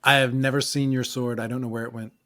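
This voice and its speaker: A man playing a tabletop game, animated and playful in casual banter. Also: mid-range voice, quick pace. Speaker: player.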